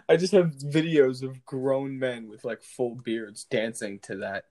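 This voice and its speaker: Young male co-host, mid-pitched voice, blunt and slangy. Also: slow pace, a little mellow. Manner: blunt, slangy, laughs easily. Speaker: podcast co-host. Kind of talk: casual chat.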